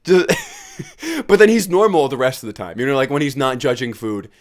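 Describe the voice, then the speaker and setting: A tired man talks alone into his podcast mic, drifting from one tangent to the next. He mocks himself and laughs at his own jokes, and his pitch jumps around animatedly. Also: very animated, fairly quick. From United States. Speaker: podcast host. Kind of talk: casual solo podcast chat.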